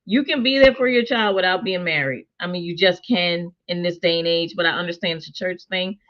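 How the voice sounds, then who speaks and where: A woman with a fairly low voice speaks briskly as co-host of a casual TV series review chat. Conversational and animated, she talks things through and quotes characters in her own voice, over a dull lo-fi recording.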